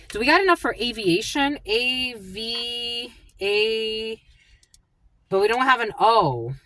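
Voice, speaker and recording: A woman doing a channeled psychic reading, speaking in halting bursts and repeating single words as they come to her. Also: on the high side, sharp tone. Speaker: psychic reader.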